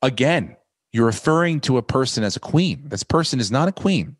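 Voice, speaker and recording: A man hosting a podcast, ranting in a profane, rambling, animated way. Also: mid-range voice, brisk, no room sound. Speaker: podcast host. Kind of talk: casual podcast chat.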